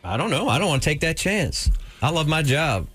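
A man co-hosting a radio show, bantering casually and quickly protesting his co-hosts. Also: a little high, sing-song, a bit bright, breathy edge.

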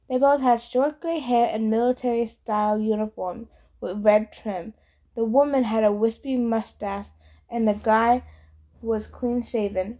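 Brief: woman audiobook reader, slightly high voice, easygoing first-person narration. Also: dark tone. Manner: casual first-person storytelling. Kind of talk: scripted narration.

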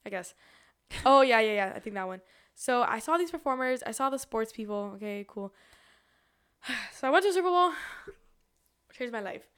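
A woman in her twenties, co-hosting a podcast, telling stories in casual chat with an excitable, animated manner. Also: fairly high pitch, normal speed, long pauses, clear, resonant tone. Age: 20s. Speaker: podcast co-host.

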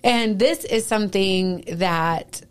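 A middle-aged woman hosting a faith podcast in casual chat, upbeat and quick to laugh, restarting her words as she goes. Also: mid-range voice, smooth. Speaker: podcast host.

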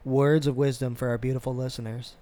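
A man hosting a podcast, telling a work story in a casual, animated and profane way. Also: mid-range voice, a little fast, slight background noise. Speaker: podcast host.

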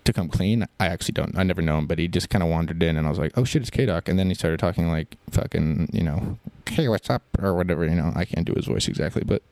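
A man's voice: low-pitched, steady tone, fast, few pauses, darkish tone, no room sound. A man hosting a podcast in an improvised comedy chat, rambling with lots of fillers.

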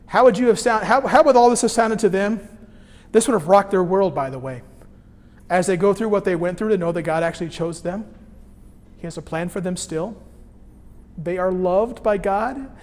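A male pastor preaching a sermon, telling a personal story with animated swings between quiet, low moments and loud bursts. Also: long reverb tail.

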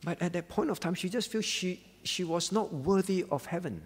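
A man's voice: sits high, normal speed, slightly rough, big-room sound. A man pastor preaching an earnest sermon, repeating words for emphasis.

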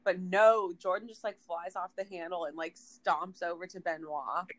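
A woman's voice: lowish voice, steady tone, moderate pace, a bit bright, rough recording. A woman co-hosting a podcast in casual chat, wry and blunt, swearing now and then. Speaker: podcast co-host.

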